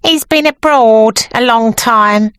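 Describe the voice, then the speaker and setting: A woman's voice: on the high side, takes it slowly, a bit bright, clear, resonant tone, dry recording, voice pushed up. A woman reading an audiobook, voicing a flashy, mean middle-aged woman with a thin, reedy voice. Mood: complaining.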